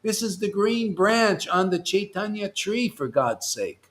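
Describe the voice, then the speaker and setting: High-voiced man preaching with fervor. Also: a little slow. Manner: animated, swings from loud exhortation to soft asides. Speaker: spiritual teacher leading an online class. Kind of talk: impassioned casual teaching.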